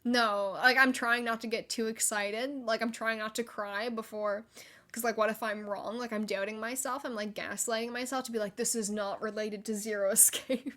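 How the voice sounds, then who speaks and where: A young woman hosting a solo gaming podcast, chatty and excitable, with frequent likes and laughter. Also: fairly high pitch, moderate pace. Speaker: podcast host.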